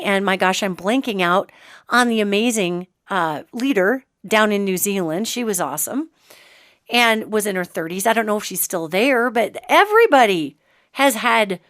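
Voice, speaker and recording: A woman's voice: mid-range voice, no room sound, studio quality. A woman from the United States hosting a show, talking in a chatty, emphatic monologue with sarcastic asides. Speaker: host and psychic. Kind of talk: casual monologue.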